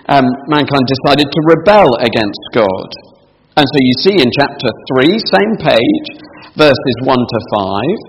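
A man's voice: mid-range voice, lively intonation, measured pace, in a large hall, slight background noise, poor audio. A man preaching a sermon to a congregation, asking them questions and reading scripture aloud.

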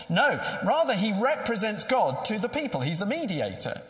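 A man's voice: sits high, sing-song, normal speed, few pauses, fairly bright tone. A man preaching a sermon in a conversational way, asking rhetorical questions. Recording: echoey hall with long reverb.

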